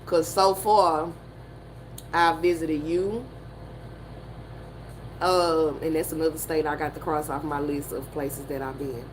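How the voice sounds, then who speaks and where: A woman with a Southern American accent, telling a story in a profane, animated way and laughing often. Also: deep voice, a little slow, pauses often, background noise. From Southern United States. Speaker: motivational streamer. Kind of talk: casual storytelling chat.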